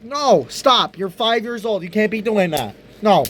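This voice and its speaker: A young man vents in a profane video rant, exasperated and breaking into laughter. His pitch leaps high and dips low, and he drags his words out slowly. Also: expressive, a bit bright. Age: young adult. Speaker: vlogger.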